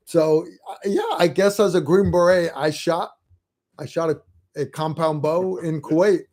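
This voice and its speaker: A man hosting a livestream, chatting in a relaxed, rambling way. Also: on the high side, unhurried, faint music behind. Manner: relaxed, rambling, many fillers. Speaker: host. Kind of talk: casual livestream chat.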